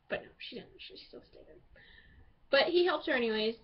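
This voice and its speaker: A woman casually reviewing a TV episode, excitable and rambling as she gushes over the characters. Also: fairly high pitch, normal speed, long pauses, slightly rough. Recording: dull lo-fi home recording.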